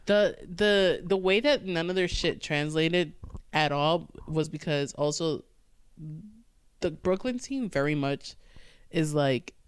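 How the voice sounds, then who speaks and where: Animated woman comedian, smooth voice. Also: low voice, slow, no echo, clean studio sound. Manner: animated storytelling with acted-out quotes. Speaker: stand-up comedian, podcast guest. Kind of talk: casual chat.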